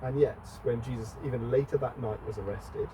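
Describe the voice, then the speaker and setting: A man's voice: mid-range voice, steady tone, fairly quick. Middle-aged male preacher, chatty conversational sermon, mic at a distance, faint noise. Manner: chatty, asks the congregation questions. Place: church.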